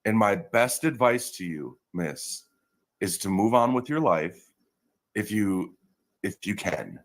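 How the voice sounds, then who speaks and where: A man's voice: on the low side, lively intonation, takes it slowly. A man in a played-back clip, talking in a blunt, scolding way.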